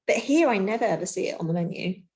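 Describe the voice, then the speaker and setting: A woman co-hosting a relaxed conversational podcast, with a mid-range voice. She talks in a loose, casual way, often filling her pauses with "like" and "um". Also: medium pitch. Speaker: podcast co-host.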